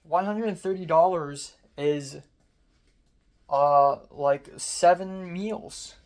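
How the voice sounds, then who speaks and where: A man's voice: fairly high pitch, takes it slowly, darkish tone. Profane ranting man, voice strained from screaming. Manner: angry, profane, self-mocking, sarcastic. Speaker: vlogger. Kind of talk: personal rant.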